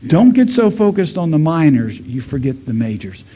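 Man preaching, mellow and a bit husky, slightly high voice, storytelling sermon with acted-out quotes. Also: big pitch swings, moderate pace, muffled recording. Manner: storytelling, voices quoted people, swings from loud to hushed. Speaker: pastor.

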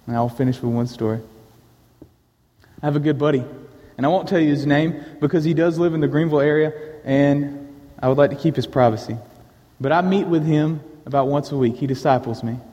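A man gives an earnest sermon, slowing down to tell a personal story. His voice sits a little high but stays mellow and soft-edged. The sound rings with the long reverb of a large church hall. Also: lo-fi sound. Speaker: preacher.

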